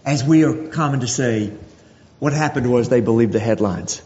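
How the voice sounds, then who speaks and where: A man's voice: mid-range voice, normal speed, a little mellow. A man preaching a sermon, reading scripture verse by verse and voicing God's words with mounting intensity. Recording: dull recording with long hall reverb.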